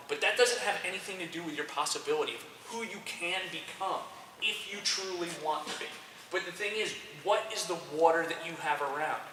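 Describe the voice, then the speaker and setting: A male soccer coach lectures a group of young athletes in a bright, forceful voice, pitched a little high. He talks directly and keeps checking in with the room. He is picked up from a distance in a large echoing room with faint background noise. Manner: energetic, direct, addresses group with frequent "okay". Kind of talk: motivational talk to young athletes. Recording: roomy echo, distant mic, faint noise.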